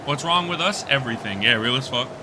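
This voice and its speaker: A man's voice: medium pitch, animated, fast talker, noisy background. A man streaming a video game, bantering loosely with his chat, swearing and laughing often. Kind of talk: casual gaming livestream chat.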